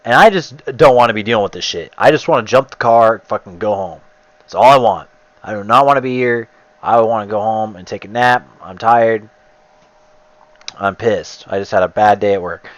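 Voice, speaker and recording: A man's voice: mid-range voice, lively intonation, normal speed, a bit bright, dry recording, rough recording. A man casually telling a long story while gaming, rambling and swearing heavily, and getting heated. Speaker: gamer streamer.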